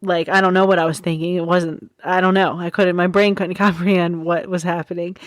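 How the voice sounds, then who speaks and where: Woman, 40s, podcast host, chatty, giggly, wry asides, mid pitch, dry close sound. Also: normal speed, dry recording. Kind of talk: casual storytelling podcast.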